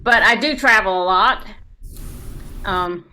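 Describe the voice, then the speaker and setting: A woman from South Carolina, doing a dry stand-up set over a video call, with quick asides and mimicry. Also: medium pitch, bright, forceful tone. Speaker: stand-up comedian.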